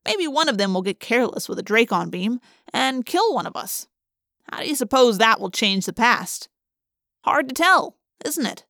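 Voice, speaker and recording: A cold alien warlord sneers his threats in this storybook reading, voiced by a woman narrator. The tone is a touch high for a villain and recorded dry, with no room around it. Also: sing-song, moderate pace, fairly bright tone, no echo. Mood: taunting. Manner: taunting, commanding.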